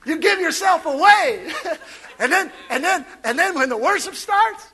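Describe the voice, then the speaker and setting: A male pastor delivers a sermon in a church with a very high, bright voice. He swoops all over his range, calling out lines for the congregation to repeat. His energy is playful and he breaks into laughter often. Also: expressive, a little slow.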